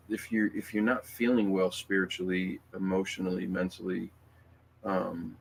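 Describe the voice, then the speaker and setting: A middle-aged man hosting a casual livestream, speaking in an emotional, halting way with many fillers and restarts. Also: low-pitched, creaky, slight background noise. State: emotional, near tears. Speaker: livestream host.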